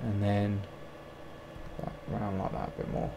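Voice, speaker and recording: Low-ish voiced guy livestreaming his sculpting, muttering and thinking out loud, faint hum in the back. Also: monotone, measured pace, gravelly, lo-fi sound. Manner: thinks aloud, rambling and self-mocking. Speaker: sculptor streaming his work. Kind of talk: casual livestream chat while working.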